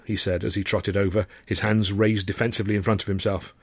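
Homme qui lit son roman d'un ton pince-sans-rire. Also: male voice, on the low side, fairly even intonation, a little fast, hardly any pauses, dry recording. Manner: dry, wry storytelling with acted dialogue. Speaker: author reading his novel. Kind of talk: audiobook narration.

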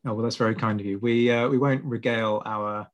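A man's voice: lowish voice, fairly even intonation, a little fast, lo-fi sound. A man hosting a history podcast, chatting casually with a guest and often restarting his phrases. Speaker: podcast host. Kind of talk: casual interview chat.

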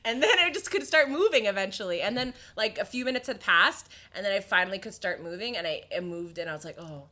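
A woman's voice: medium pitch, expressive, fast talker, sharp tone. A young woman comedian telling a story in casual podcast chat, with lots of laughter and filler words. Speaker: comedian guest.

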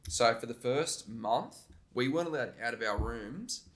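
A young Australian man, a podcast guest, telling stories in a relaxed, rambling way with plenty of fillers and restarts. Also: medium pitch, normal speed. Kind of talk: casual chat.

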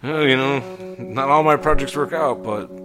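A man's voice: mid-range voice, normal speed. Man, tabletop role-play player, casual folksy talk, restarts, guitar music behind.

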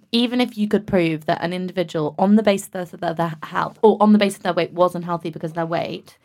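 A woman's voice: fairly low pitch, quick pace, darkish tone. A woman hosting a podcast in casual conversation, chatty and frank with some swearing. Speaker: podcast host.

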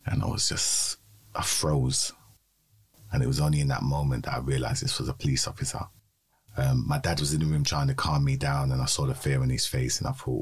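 Speaking steadily and with measure, a London man who co-hosts a podcast gives a personal testimony during the conversation. He has a remarkably deep voice, husky and a bit breathy.

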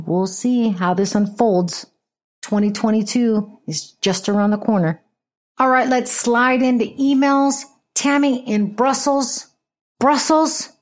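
A woman hosting a podcast, giving casual, sarcastic political commentary with frequent swearing. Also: mid-range voice. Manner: sarcastic, profane, animated. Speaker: podcast host.

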